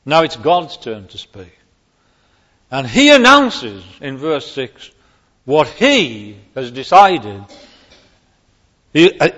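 Male preacher, slow and emphatic, slightly high voice, dull recording in a long-echo hall. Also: a bit bright. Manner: emphatic, rising sharply on key words. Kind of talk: sermon.

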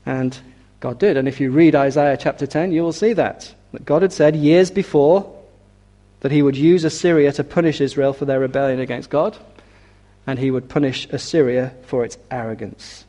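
A man preaching a sermon, reading scripture slowly and building to forceful, emphatic declarations. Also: medium pitch. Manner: reads scripture aloud with slow weight.

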